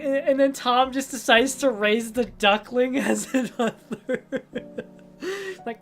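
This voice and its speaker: A young woman streamer rambling casually about old cartoons and games, telling stories in an animated way and often breaking into silly voices. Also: a little high, normal speed, soft background music. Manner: rambling, animated storytelling with goofy character voices. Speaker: livestreamer.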